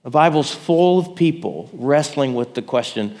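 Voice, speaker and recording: A man's voice: mid-range voice, expressive, normal speed, vocal fry, hardly any pauses, a little mellow, big-room sound. A man preaching a sermon in a conversational way, checking in with his listeners. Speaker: pastor.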